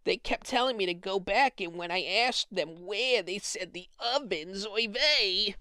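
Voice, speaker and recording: A man's voice: high-pitched, a little slow, sharp tone, clear, resonant tone, no room sound, studio quality, voice pushed up. Man playing a frantic pleading caller.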